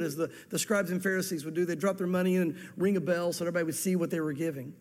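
A man's voice: sits high, steady tone, racing, few pauses. A man preaching a sermon as pastor, fervently quoting scripture and repeating his words for emphasis. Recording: echoey hall reverb.

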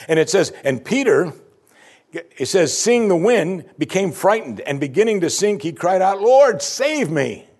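Animated husky-voiced man preaching. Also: sits high, moderate pace. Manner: animated preaching, reads scripture aloud with dramatic emphasis. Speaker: pastor. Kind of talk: sermon.

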